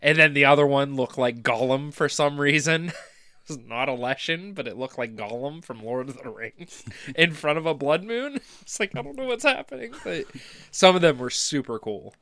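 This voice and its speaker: Animated, bright-voiced man bantering. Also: on the high side, moderate pace, dry recording. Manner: animated, laughing, playful teasing. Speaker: podcast co-host. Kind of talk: casual podcast banter.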